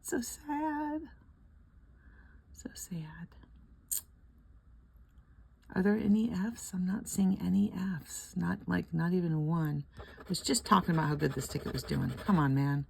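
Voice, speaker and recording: A woman's voice: on the low side, steady tone, fairly quick, gravelly, a little mellow, slightly rough. An older woman chatting casually at home while scratching lottery tickets, rambling, laughing often and murmuring letters half under her breath.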